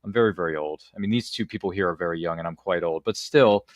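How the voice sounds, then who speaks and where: Jokey, animated man hosting a podcast. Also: sits low, fast talker, dry recording, studio quality. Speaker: podcast host. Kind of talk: enthusiastic casual interview chat.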